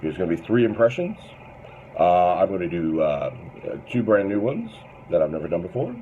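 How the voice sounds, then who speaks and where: A man with a very low voice that still swings widely up and down as he blusters through a crude comic rant. The sound is thin and phone-like, with a faint hiss underneath. He plays a loud, mock-bigoted host who never stops talking. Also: sing-song, normal speed. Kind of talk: comedic monologue and rant.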